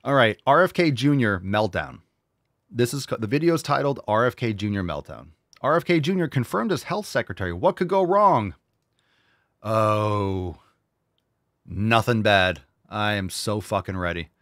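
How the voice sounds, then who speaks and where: A man's voice: mid-range voice, big pitch swings, fairly quick, a bit bright, no echo, studio quality. A man hosting a casual reaction show, talking bluntly and sarcastically with plenty of swearing. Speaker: show host.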